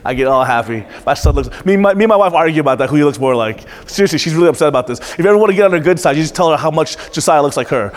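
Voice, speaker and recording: A man's voice: fairly high pitch, animated, very fast, few pauses, long reverb tail. A pastor in his thirties preaching to a congregation, calling out questions and repeating back the answers with emphasis. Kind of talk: interactive sermon.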